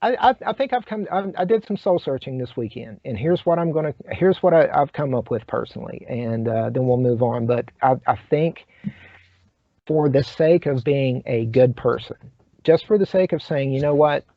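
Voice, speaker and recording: A man hosting a casual talk show, speaking haltingly with many fillers and restarts. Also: medium pitch, animated, no room sound. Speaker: host. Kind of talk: casual chat. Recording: dry, dull lo-fi sound.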